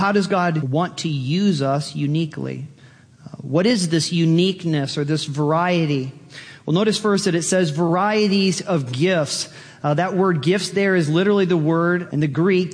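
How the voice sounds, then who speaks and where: A man preaching a sermon as pastor, animated and emphatic, climbing high to stress his points. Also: in a large hall. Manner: animated, rises high for emphasis, acts out quoted attitudes.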